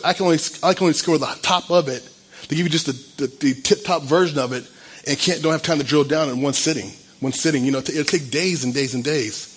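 A man's voice: a little high, slightly rough. A man in his fifties, a church pastor, gives an earnest and emotional sermon, stumbling and restarting as he tells his own story.

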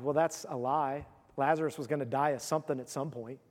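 A male pastor preaching a sermon, telling the story with animated, acted-out voices. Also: mid-range voice, brisk, few pauses, big-room sound.

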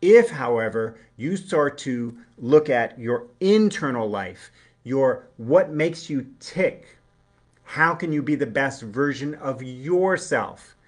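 A man's voice: mid-range voice, expressive, slow. A man giving a live relationship coaching talk, earnest and explanatory, acting out short everyday dialogues.

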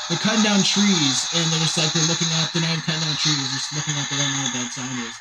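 A man's voice: fairly high pitch, steady tone, racing, very noisy. Rambling, profane man on a podcast. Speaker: podcast host. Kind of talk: casual podcast chat.

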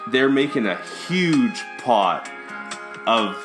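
A man's voice: mid-range voice, expressive, takes it slowly, over music. A man in his thirties, hosting a podcast, who tells a rowdy, profane story and laughs often. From Canada. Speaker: podcast host. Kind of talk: casual storytelling.

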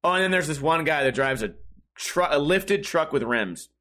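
A man's voice: on the high side, animated, moderate pace, bright, forceful tone. A man hosting a comedy podcast, telling stories in a profane, ranting monologue. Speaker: podcast host.

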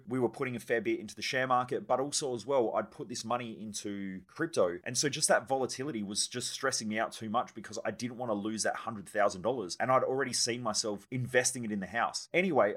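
A man's voice: mid-range voice, a bit bright. A man hosting a solo podcast, telling a personal story in a candid, profane way and acting out his own past reactions. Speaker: podcast host. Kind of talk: casual solo podcast monologue.

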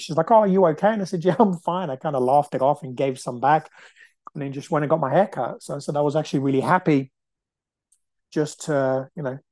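A man's voice: mid-range voice, a little mellow, dry recording. Man telling a story, dry sound. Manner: rambling, full of fillers and acted-out quotes. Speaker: podcast host. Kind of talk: casual storytelling monologue.

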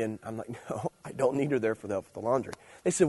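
A young man preaching to a youth group in an easy, chatty way. His voice is slightly husky and sits at an ordinary middle pitch. He tells stories loosely and then picks up energy as he makes his points. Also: fast, hardly any pauses. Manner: conversational storytelling, animated and playful when preaching. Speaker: youth pastor. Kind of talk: casual sermon.

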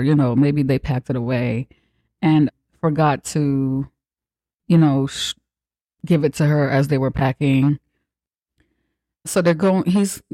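A podcast host recapping a film in a loose, profane, storytelling way, dropping into quick voices for the characters. The voice is mellow and warm, and it sits close and dry with no room sound around it. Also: medium pitch, no echo. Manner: acts out characters' lines mid-story.

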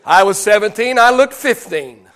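A male pastor from Oklahoma tells a story during his sermon in a high voice at a moderate pace. He's animated and self-deprecating, and he often restarts his sentences.

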